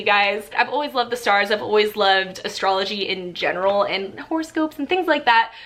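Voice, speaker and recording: A young woman chatting excitedly as she unboxes a book subscription box in a casual vlog. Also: medium pitch. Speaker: book vlogger.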